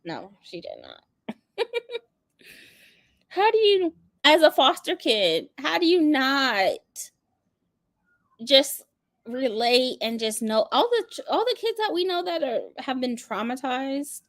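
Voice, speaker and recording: A woman's voice: sits high, very animated, takes it slowly, long pauses, dry recording, studio quality. A woman hosting a book channel, chatting casually and animatedly with frequent laughter. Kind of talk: casual livestream chat.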